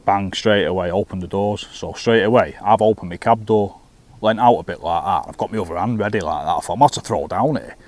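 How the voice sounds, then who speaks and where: A man's voice: low voice, fairly quick. Chatty man telling a story. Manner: animated anecdote, swearing, laughing, restarts. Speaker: fishing vlogger and bus driver. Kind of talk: casual storytelling to camera. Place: outdoors at a fishing lake.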